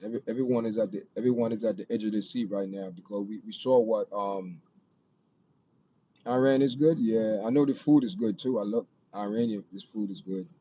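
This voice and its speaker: A livestream host with a Jamaican accent chats casually with viewers, rambling, repeating himself, and often saying "you know what I mean." His fairly low, warm voice moves fairly quickly, and the dull lo-fi stream audio carries faint noise.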